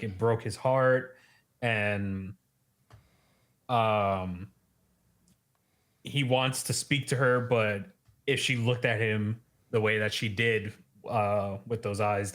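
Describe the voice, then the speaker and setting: This podcast host sounds low-ish, slow, and fairly even, with a bit of brightness. He casually runs through a story chapter, laughing frequently and using lots of fillers.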